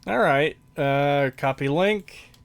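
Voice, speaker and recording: A man's voice: fairly high pitch, slow pace, vocal fry. A man co-hosting a podcast in casual chat, blunt and offhand, swearing freely. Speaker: podcast co-host.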